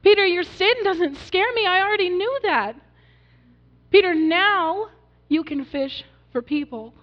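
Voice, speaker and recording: Woman voicing a smiling, reassuring gentle teacher. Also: very high-pitched, a little slow, voice pushed up. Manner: warm, encouraging, smiling. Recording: dull recording in a reverberant hall.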